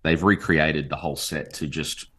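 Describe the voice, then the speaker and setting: An Australian man in his forties, talking in an animated, rambling way with many fillers as a guest in a casual interview. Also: a bass voice, moderate pace, slightly rough. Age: 40s. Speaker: novelist guest.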